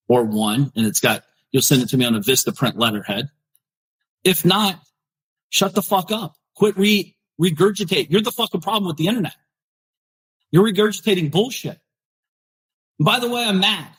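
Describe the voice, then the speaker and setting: Blunt, profane man ranting, husky. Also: fairly high pitch, pushed and bright, poor audio. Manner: confrontational, swearing, addressing viewers directly. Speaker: podcast host.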